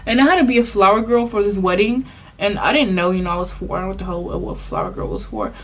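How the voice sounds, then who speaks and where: A woman's voice: medium pitch, lively intonation, quick pace. Chatty young woman vlogger telling a story. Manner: chatty, filler-heavy with frequent "like", Spanish phrases. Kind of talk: casual storytime.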